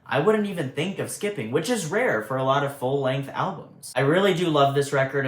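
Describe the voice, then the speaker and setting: Young male vlogger, earnest and chatty music reviewer, mid-range voice, roomy echo. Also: mid-range voice. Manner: earnest, emotional, chatty with fillers. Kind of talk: casual album review.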